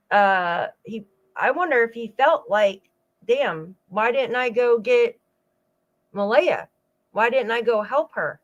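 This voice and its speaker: A woman's voice: a little high, a bit bright, lo-fi sound. A woman hosting a true-crime channel, giving rambling casual commentary with frequent asides to her viewers. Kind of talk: casual commentary over clips.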